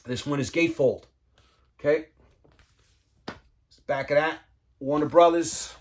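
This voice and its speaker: A man's voice: fairly high pitch, unhurried. A man casually chatting about his record collection, enthusiastic and rambling, humming riffs and often saying "man.". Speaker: vinyl collector vlogger. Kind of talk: casual chat showing records.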